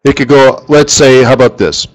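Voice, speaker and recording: A man hosting a live currency trading strategy session in front of a room, talking in an animated, joking way and firing off rhetorical questions at the audience. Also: mid-range voice, moderate pace, low-quality recording.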